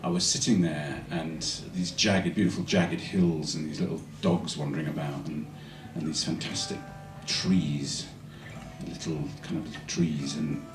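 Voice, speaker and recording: A musician recalling a quiet moment in a soft, reflective way before introducing a song. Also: male voice, low voice. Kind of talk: reflective stage storytelling. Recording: roomy, distant stage mic with music.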